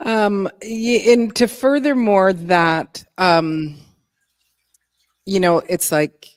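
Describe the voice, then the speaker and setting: A woman talking casually on a live stream, thoughtful and halting as she works through her points. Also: mid-range voice, fairly even intonation, no echo.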